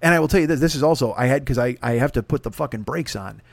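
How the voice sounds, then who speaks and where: A man's voice: medium pitch, quick pace, gravelly, no echo. A man hosting a podcast, telling a rambling, profane comic story. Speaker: podcast host. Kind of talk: comedic storytelling.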